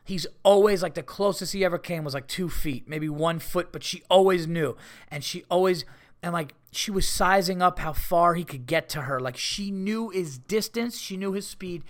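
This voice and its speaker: A man hosting a comedy podcast, telling rambling, profane stories in a casual, animated way. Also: high voice, moderate pace.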